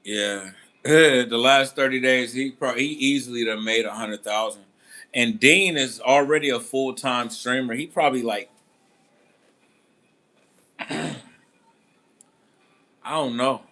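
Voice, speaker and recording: A man's voice: mid-range voice, slow pace, pauses often, bright, forceful tone. A man hosting a boxing channel, telling a story in casual commentary with a laid-back manner, acting out quotes now and then.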